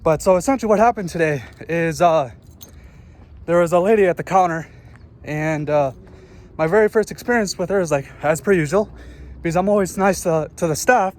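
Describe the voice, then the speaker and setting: A man ranting casually to camera, out of breath after a workout, rambling and swearing, recorded through earbuds. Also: high-pitched. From northern United States. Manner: rambling, profane, self-interrupting. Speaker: vlogger. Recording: voice picked up through earbud mic.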